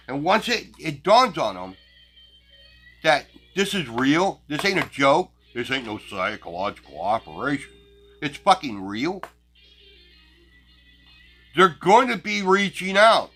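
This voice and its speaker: A crass, foul-mouthed man rants at his viewers in a casual talk show, his voice sitting a little high and sounding sharp and forceful. He talks bluntly and mocks his audience with scorn, and faint music plays behind him. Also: sing-song, measured pace, pauses often. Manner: crass, blunt and heavily profane. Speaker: channel host. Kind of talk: profane casual rant to viewers.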